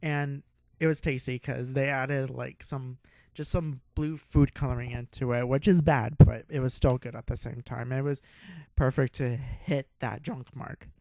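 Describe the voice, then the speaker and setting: A young man hosting a podcast, telling a rambling, excitable story with a lot of swearing and laughter. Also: mid-range voice, measured pace, dry recording. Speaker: podcast host. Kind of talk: casual storytelling.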